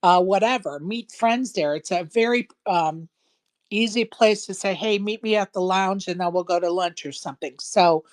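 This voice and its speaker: A folksy woman hosts a casual online show, chatting to viewers and co-hosts. Her voice sits at an ordinary middle pitch, and she speaks frankly and plainly. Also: moderate pace. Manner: chatty and folksy, says "y'all", frank opinions. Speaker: show host. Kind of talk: casual live-stream chat.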